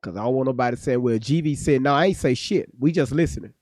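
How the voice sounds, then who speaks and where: A man's voice: medium pitch, quick pace, a little mellow, no room sound, clean studio sound. A male streamer giving blunt, profane live commentary on a clip, often repeating his words as he thinks aloud. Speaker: streamer reacting to clips.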